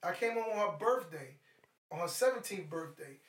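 A middle-aged man, a guest in a casual chat, telling stories in an animated, profane way. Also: high voice, moderate pace, recorded from a distance. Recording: echoey room, off-mic.

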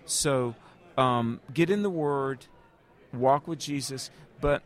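A man's voice: medium pitch, slow. Earnest evangelist man preaching. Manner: earnest, tells stories, speaks directly to the listener. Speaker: guest evangelist. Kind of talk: interview answers, preaching tone.

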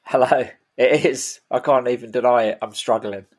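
A man's voice: medium pitch, fairly even intonation, normal speed. A man co-hosting a podcast, tipsy and ranting with mock outrage in casual chat. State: drunk. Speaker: podcast co-host.

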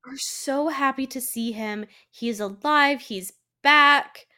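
A woman's voice: high-pitched, slow, pushed and bright. A woman co-hosting a podcast in casual chat, emphatic and swearing freely as she recaps scenes. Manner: emphatic, swears freely, acts out characters' lines. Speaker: podcast co-host.

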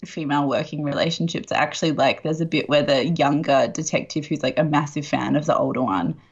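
A woman co-host talks in a casual, gushing way, full of "like" and "you know." Her voice is husky and a little low. The recording sounds slightly muffled and lo-fi. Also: brisk. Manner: chatty, gushing, lots of fillers. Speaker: podcast co-host. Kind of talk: casual chat.

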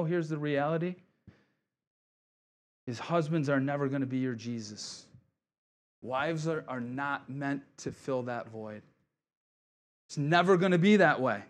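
A middle-aged man, preaching a sermon as pastor in a casual, joking way with asides. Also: a little high. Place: church sanctuary.

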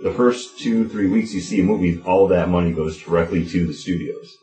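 A man's voice: low voice, brisk, dark tone, soft background music, rough recording. A man co-hosting a casual podcast, joking and teasing his friends with crude banter. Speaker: podcast co-host. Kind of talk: casual chat.

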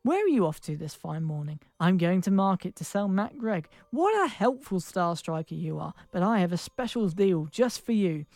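A sly little old man from a comic storybook, lowering his voice and drawing out his words to tempt a buyer, as a woman puts him on. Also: animated, moderate pace, few pauses, darkish tone, no echo. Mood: wheedling.

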